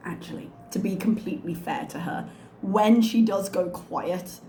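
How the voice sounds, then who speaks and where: A woman at mid pitch, delivering sarcastic, critical commentary as she reacts to a clip. Her voice carries a clear room echo. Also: moderate pace, mellow, slight background noise. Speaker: reaction channel host. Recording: echoey room.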